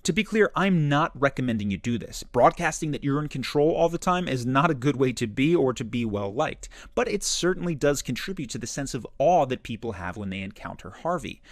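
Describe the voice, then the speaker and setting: Guy narrating a self-help explainer, very animated pitch, bone dry close mic. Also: brisk, hardly any pauses, dry recording. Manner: explanatory, analytical, lively inflection. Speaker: narrator of a self-improvement channel. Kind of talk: scripted narration.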